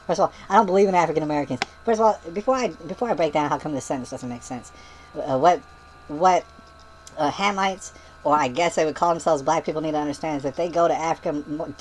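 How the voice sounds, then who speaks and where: A man's voice: a little high, a little hiss or hum, low-quality recording. A man vlogging, reading out a comment and rebutting it line by line in a sarcastic, nitpicking way, with many restarts.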